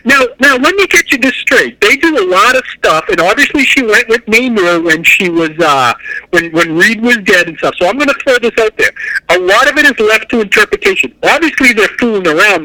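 A man co-hosting a casual podcast, telling comic book stories in an excitable, animated way. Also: high-pitched, a little fast, no room sound, poor audio. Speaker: podcast co-host.

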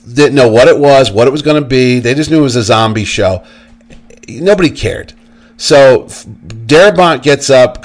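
Animated male podcast storyteller. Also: medium pitch. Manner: animated storyteller acting out quotes. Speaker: podcast co-host. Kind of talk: casual storytelling chat.

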